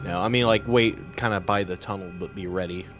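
A man's voice: low voice, fairly even intonation, brisk, fairly bright tone, faint music behind. A man playing a tabletop game, chatting playfully and laughing often. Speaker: player. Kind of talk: casual tabletop play.

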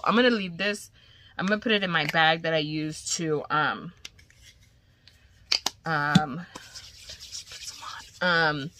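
Slow, gushing woman with a cold. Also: low-pitched, background noise. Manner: gushing, excited, often drops to a whisper. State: congested from a cold. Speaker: crochet vlogger. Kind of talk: casual unboxing chat to viewers.

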